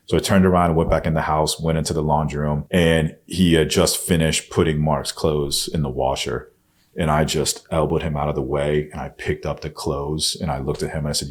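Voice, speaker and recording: A podcast guest with a bass voice shares a personal story briskly and in a steady tone, blunt and full of profanity. Quoting himself, he lowers into a soft, hushed voice.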